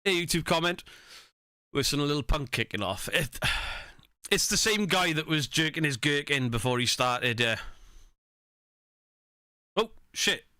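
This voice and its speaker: A man's voice: on the high side, expressive, measured pace, pauses often, bright, forceful tone, no room sound, studio quality. A man giving casual, sweary reaction commentary on stream clips, laughing and mocking himself.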